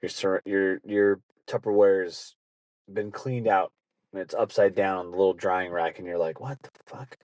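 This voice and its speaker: A man hosting a podcast, rambling through a casual comic story and slipping into quick acted asides. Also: low-pitched, little pitch movement, darkish tone, no room sound. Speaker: podcast host. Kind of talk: casual monologue.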